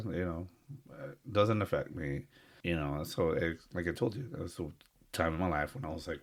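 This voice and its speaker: A man with a very low, deep voice talks casually as a podcast co-host. He speaks earnestly and from the heart, rambling along with plenty of fillers and restarts. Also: moderate pace. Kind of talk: casual chat.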